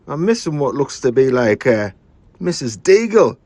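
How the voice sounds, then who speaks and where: With a mid-range, slightly mellow, sing-song voice at normal speed, a British co-host rummages through his collection of old tapes and magazines on a casual livestream. He mutters and exclaims to himself, and the recording is dry.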